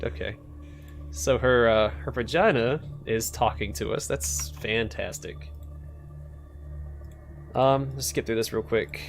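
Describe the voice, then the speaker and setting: A man's voice: mid-range voice, slow pace, gravelly, pauses often, a little hiss or hum. Laid-back man commenting on a game. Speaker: let's play host. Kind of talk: casual gameplay commentary.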